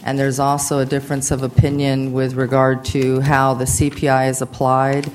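A general manager at a public board meeting gives a staff report while unwell and hoarse, speaking in an informal, chatty way with many fillers and asides. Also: medium pitch, completely flat delivery, normal speed, slight background noise.

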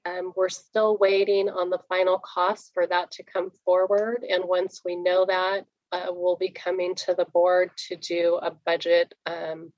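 A woman on staff presenting a budget report to a board at a public meeting, brisk and explanatory, with frequent fillers. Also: fairly low pitch, little pitch movement, dry recording, highs cut off.

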